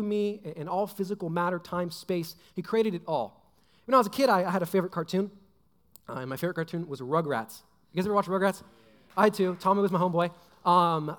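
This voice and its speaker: Young guy pastor rambling thru a jokey sermon, high voice, lots of ums, big hall echo. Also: a bit bright. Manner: rambling, joking, full of fillers and asides. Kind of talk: casual sermon. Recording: long hall reverb.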